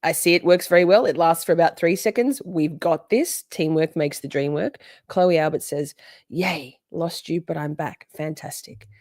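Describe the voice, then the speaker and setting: A woman hosting a live stream, chatty and excitable, often exclaiming as she reacts. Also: low voice, normal speed, no echo, studio quality. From Australia. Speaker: livestream host. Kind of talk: casual live-stream chat.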